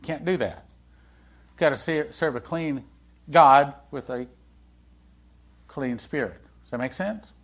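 A man preaching a sermon in a conversational way, asking the congregation questions and swinging between loud and hushed delivery. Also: on the high side, takes it slowly, pauses often. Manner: animated, swings from loud to hushed, acts out quoted dialogue.

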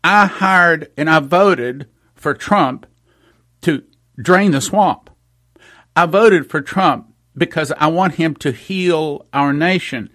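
A man's voice: on the high side, takes it slowly, a bit bright. A man preaching an emphatic spoken sermon, repeating phrases and acting out the voices he quotes.

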